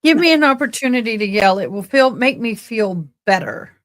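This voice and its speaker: A woman hosting a live trial commentary, talking loudly in a lively, chatty way. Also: on the high side, moderate pace. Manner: talks loudly, animated. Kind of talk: casual chat.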